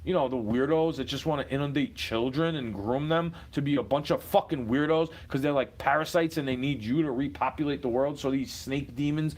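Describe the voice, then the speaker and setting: An American man with a somewhat high voice launches into a profane, combative rant, swinging between muttering and shouting.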